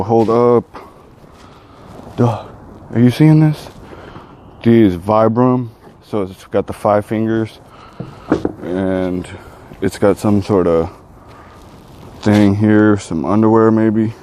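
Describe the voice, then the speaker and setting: A man in a casual vlog, talking in a rambling, excitable way and often saying dude. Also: fairly low pitch, slow, pauses often, slight background noise. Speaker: vlogger.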